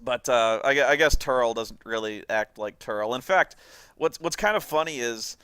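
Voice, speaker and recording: A man's voice: medium pitch, normal speed, smooth, dry recording. A man giving a casual, rambling commentary on a video, often laughing as he talks. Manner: rambling, laughing, lively storytelling.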